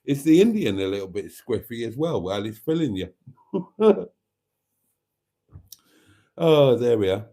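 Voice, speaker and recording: A man's voice: mid-range voice, big pitch swings, measured pace, pauses often, warm tone. Chatty man reading out live comments. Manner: chatty and camp, reads viewer comments aloud. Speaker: live stream host. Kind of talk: late-night live stream chat reading comments.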